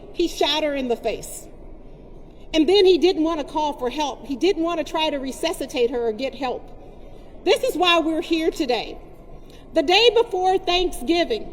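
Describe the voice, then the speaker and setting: A woman speaking at a press conference as a community advocate, giving a forceful and indignant public speech that drives her points home by repeating them. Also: high-pitched. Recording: long reverb, faint background noise.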